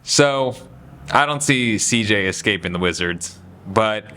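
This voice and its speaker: A man's voice: fairly low pitch, slow, slight background noise. Chatty, opinionated young-sounding man. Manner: chatty, animated, does mocking voices for quotes. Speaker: basketball commentary host. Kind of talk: casual opinionated sports talk.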